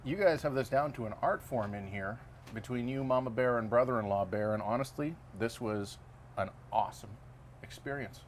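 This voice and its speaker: A man's voice: mid-range voice, normal speed, a little hiss or hum. Enthusiastic man hosting a food show. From Timmins, Ontario, Canada. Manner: enthusiastic, joking, praising the food. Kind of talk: casual on-location food review chat. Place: outdoors at a food truck.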